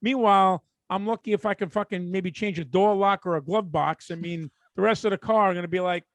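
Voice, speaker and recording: Quippy New York podcast co-host. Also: male voice, sits high, fairly even intonation, a little fast, a bit bright, no room sound. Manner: chiming in with quips, profane, laughing. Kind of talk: casual podcast banter.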